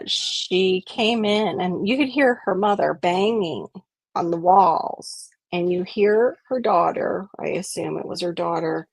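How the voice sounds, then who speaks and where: Female live-stream host, gravelly edge, dry close sound, earnest casual chat. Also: on the low side, no echo, low-quality recording.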